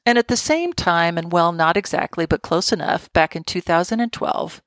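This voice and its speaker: A woman's voice: fairly low pitch, moderate pace, fairly bright tone, dry recording. A woman hosting a solo podcast, talking in a wry, digressive way with joking asides. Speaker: podcast host.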